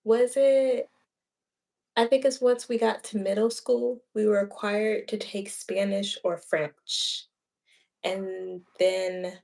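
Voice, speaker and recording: A woman at a middle pitch, talking casually. She rambles and thinks aloud, leaning on fillers as she goes. She is the host of the channel. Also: dark tone. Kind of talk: casual chat.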